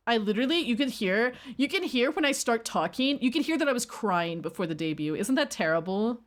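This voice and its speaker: A woman's voice: medium pitch, very animated, brisk. Chatty woman rambling on a livestream. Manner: rambling, chatty, reacting to chat. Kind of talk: casual livestream chat.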